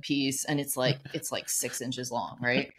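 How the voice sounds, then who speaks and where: A woman's voice: extremely low pitch, flat delivery, measured pace, fairly bright tone, a little hiss or hum. A woman cohosting a podcast, telling stories in a rambling, casual way, full of "like" and "you know". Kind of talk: casual storytelling chat.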